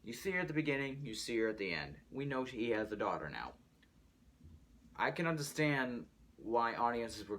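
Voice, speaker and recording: A man hosting his own movie news show, talking casually in a rambling, animated way and swearing freely. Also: fairly low pitch, a little hiss or hum. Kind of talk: casual solo movie commentary.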